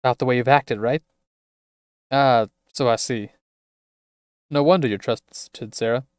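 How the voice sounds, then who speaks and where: A man voicing a guarded, easygoing man from a game, reading his lines in a low, slightly teasing way. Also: steady tone, unhurried, a little mellow, clear, resonant tone, dry recording, clean studio sound, natural voice. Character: guarded, laid-back adult man with secrets.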